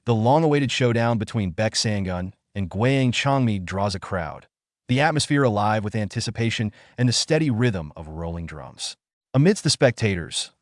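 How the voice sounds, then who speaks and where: A man's voice: on the low side, dry recording. Man narrating a comic recap, dry sound.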